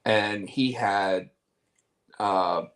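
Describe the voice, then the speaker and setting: A man's voice: on the low side, extremely slow, fairly bright tone, low-quality recording. Rambling man hosting a casual chat. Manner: rambling, filler-heavy retelling of clips. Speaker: host.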